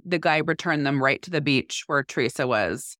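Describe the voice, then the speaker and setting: A woman's voice: sits low, animated, normal speed, fairly bright tone, no room sound, studio quality. A woman in her forties, a podcast co-host, telling a story in casual chat with animation and acting out what people said.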